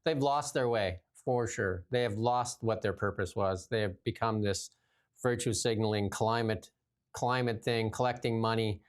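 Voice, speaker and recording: Male host, blunt and animated, casual talk. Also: on the low side, normal speed. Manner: animated, blunt, laughs often. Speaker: show host. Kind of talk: casual political talk show chat.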